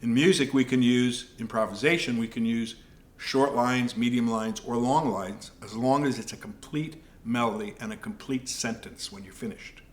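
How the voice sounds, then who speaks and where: A man teaching jazz piano improvisation, explaining in a calm, measured way. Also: mid-range voice. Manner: calm, measured explaining with scat syllables and counting. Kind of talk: music lesson explanation.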